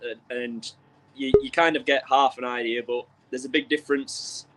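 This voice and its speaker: A man's voice: medium pitch, steady tone, moderate pace, fairly bright tone, low-quality recording. Young man, modest and hesitant. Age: young adult. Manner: modest, hesitant, many ums. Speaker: speedway driver and son. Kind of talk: casual interview.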